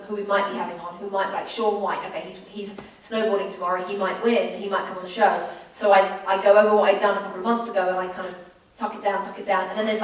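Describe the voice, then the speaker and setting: Fast-talking English woman, echoey hall. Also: medium pitch, far from the mic, a little hiss or hum. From England. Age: 30s. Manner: quick, animated storyteller. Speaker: sports broadcaster. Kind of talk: on-stage conversation. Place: school event hall.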